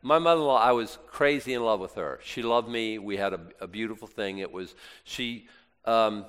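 A middle-aged man preaching a sermon in a conversational way, swinging between hushed and loud moments. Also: fairly low pitch, normal speed, clean tone. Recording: long reverb in a large hall.

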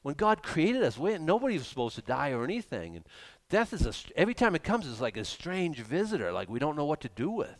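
A man preaching a sermon with animated delivery, swinging between hushed and loud. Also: on the high side, fast.

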